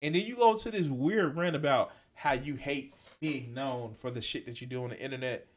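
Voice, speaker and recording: A man reacting to clips on a live stream, blunt and profane, swinging from quiet mumbling to loud outbursts. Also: medium pitch, normal speed. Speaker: commentary streamer.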